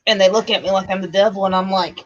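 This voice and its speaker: A woman's voice: medium pitch, steady tone, fast talker, highs cut off. A woman in a casual chat, speaking frankly about disciplining her son.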